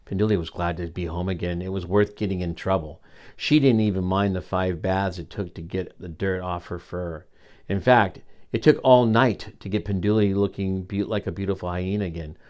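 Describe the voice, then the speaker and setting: A man's voice: low-pitched, fairly even intonation, moderate pace, darkish tone. An older man reads a children's picture book aloud as a grandfather storyteller. He stops now and then to encourage his young listeners.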